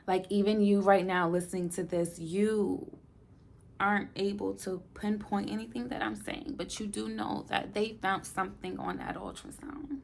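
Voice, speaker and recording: A young adult woman giving a personal vlog update to her viewers. She speaks with feeling, dropping to soft near-whispers and then rising into emphatic bursts. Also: medium pitch, steady tone, moderate pace, creaky, slight background noise. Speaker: vlogger. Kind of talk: personal update talking to camera.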